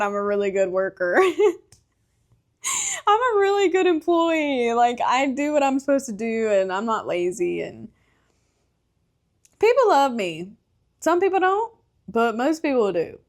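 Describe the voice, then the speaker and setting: A young woman hosting her own podcast, chatting candidly about her life and travels, laughing often and swearing freely. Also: on the high side. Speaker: podcast host. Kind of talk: casual solo podcast chat.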